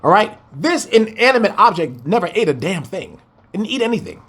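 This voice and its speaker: A man playing a prophet who talks back to a king in relaxed, dismissive slang. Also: high-pitched, brisk, husky, heavily acted. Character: calm mocking prophet, adult man.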